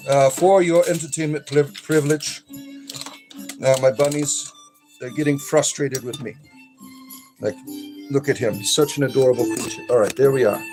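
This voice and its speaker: A man hosting a casual livestream from a room at home, rambling and coaxing his pets in a soft doting tone, recorded on a phone. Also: medium pitch, normal speed, pauses often, over music, rough recording. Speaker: livestream host.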